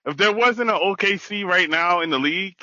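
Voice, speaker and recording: A man's voice: sits high, a little fast, bright, forceful tone, dry recording, highs cut off. A man on a sports podcast defending his team in casual debate, hedging and backpedaling. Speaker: podcast co-host, Lakers fan.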